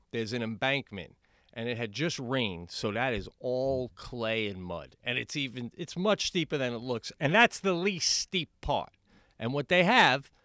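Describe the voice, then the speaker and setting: Animated, bright-voiced man telling a story. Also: dry recording, studio quality. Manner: animated, swings into high excited outbursts; swears freely, says "bro". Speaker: podcast co-host. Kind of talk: casual comedic storytelling.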